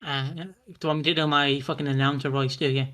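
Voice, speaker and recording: Teasing sweary co-host. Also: male voice, fairly high pitch, steady tone, a little fast, bright, forceful tone. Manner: teasing, mock-indignant, sweary. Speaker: podcast co-host. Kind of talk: casual podcast chat.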